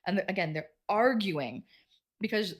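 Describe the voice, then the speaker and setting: A woman co-hosting a book club podcast, chattily retelling a novel's plot and quickly acting out the characters' lines. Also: medium pitch, lively intonation.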